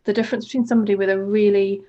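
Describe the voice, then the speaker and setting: A woman's voice: medium pitch, level tone, very fast, warm tone, dull audio. A woman co-hosting a coaching podcast, talking in a casual, enthusiastic, rambling way with many "like" fillers. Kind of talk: casual reflective conversation.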